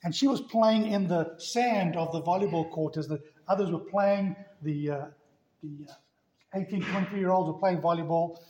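A man's voice: sits high, normal speed, dark tone. A man preaching a sermon as pastor, telling stories with emphatic, rising delivery. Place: church.

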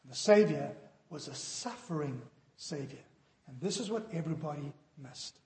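A man's voice: fairly high pitch, expressive, normal speed, darkish tone. A man preaching a sermon earnestly, his voice sinking solemn on warnings, in a church hall. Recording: echoey hall.

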